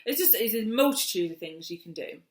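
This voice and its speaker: A woman's voice: medium pitch, animated, fairly quick. A woman, casually explaining play and speech tips to parents with plenty of fillers. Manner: chatty, many "um"s, sing-song when addressing children. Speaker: early years teacher. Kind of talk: casual teaching talk to parents. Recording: echoey room.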